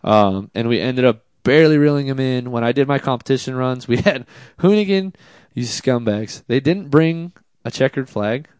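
A man, a drift driver, telling a casual story in an interview, animated and self-deprecating, with many fillers. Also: medium pitch, normal speed, hardly any pauses, clear, resonant tone, no room sound.

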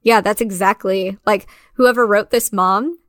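A woman's voice: mid-range voice, steady tone, fairly bright tone, dry recording. Chatty woman with a dry close sound. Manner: chatty, many fillers, quick asides. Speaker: podcast co-host. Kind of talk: casual film discussion.

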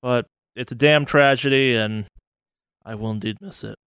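Smooth-voiced man in loose gaming chat. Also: mid-range voice, normal speed, a bit bright, no echo. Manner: enthusiastic, rambling, swears freely. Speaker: podcast co-host. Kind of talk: casual gaming news chat.

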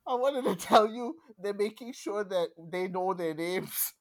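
A woman's voice: mid-range voice, animated, unhurried. A woman with a Singaporean English accent, chatting casually with a friend and teasing, laughing often. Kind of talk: casual chat.

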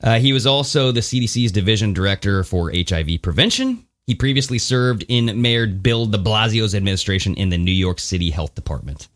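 A man's voice: on the low side, big pitch swings, brisk, hardly any pauses, a bit bright. A man hosting a podcast, reading out a news story with crude jokes in a casual chat. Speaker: podcast host.

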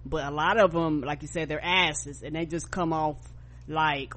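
A woman's voice: low-pitched, moderate pace, fairly bright tone. A woman co-hosting a podcast in casual chat, agreeing and chiming in with her own remarks. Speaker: podcast co-host.

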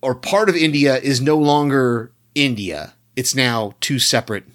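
A man's voice: medium pitch, a little slow, fairly bright tone. Rambling American man chatting. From United States. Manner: rambling, with many restarts and hedges. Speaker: podcast co-host. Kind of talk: casual chat reviewing a show.

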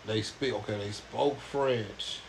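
A man's voice: on the low side, slow, gravelly, slight background noise. A man co-hosting a podcast in casual chat, joking, swearing, and laughing a lot. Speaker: podcast co-host.

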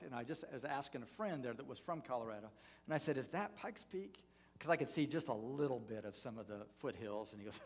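A man, a pastor, preaching a sermon through a personal story, halting with many fillers and restarts. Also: medium pitch. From United States.

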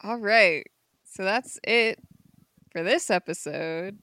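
A woman's voice: medium pitch, takes it slowly, pushed and bright, dry recording. A woman co-hosting a podcast, recapping a comic in casual chat with unsure asides and easy laughs. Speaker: podcast co-host.

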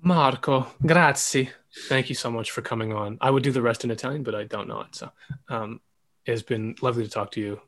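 A man with a middle-pitched, slightly husky voice hosts a podcast. He keeps things relaxed and chatty, telling stories casually and nodding along with quick affirmations. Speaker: podcast host. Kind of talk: casual conversational interview.

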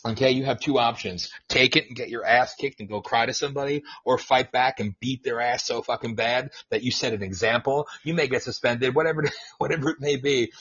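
A man's voice: mid-range voice, a bit bright, breathy edge, no echo. A man co-hosting a casual talk podcast, ranting bluntly and profanely with scorn. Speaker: co-host. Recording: dull lo-fi audio.

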